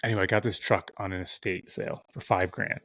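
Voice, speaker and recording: A young man appears as a podcast guest, telling a long, rambling, casual story, swearing heavily and acting out other people's voices. His deep, fairly bright voice is quick and fairly even, with no room sound.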